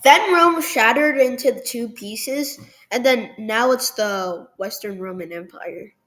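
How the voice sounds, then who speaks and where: A woman's voice: a little high, slow pace, fairly bright tone, poor audio. A woman narrating a history map video at her computer in a loose, jokey way, full of ums and "they were like". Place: at a computer, recording over a screen.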